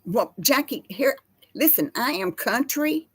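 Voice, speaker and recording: A Texan woman, older, hosting a casual chat from her home kitchen in a slow folksy drawl. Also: high voice, lively intonation, a bit bright, husky, no room sound. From Texas. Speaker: host. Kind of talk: casual chat with live chat viewers.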